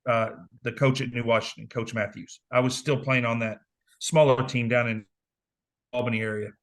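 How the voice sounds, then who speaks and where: A man in his forties from southern Indiana spins stories from his playing days in a relaxed interview. He talks casually, in a mid-range voice. He acts out the people he quotes. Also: mid-range voice. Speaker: interview guest, former basketball player. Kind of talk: casual storytelling.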